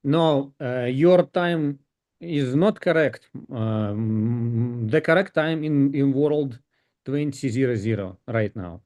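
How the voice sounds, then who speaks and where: Slow-talking playful young man. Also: medium pitch, a little mellow. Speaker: event co-host. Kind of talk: casual online call chat. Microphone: video call.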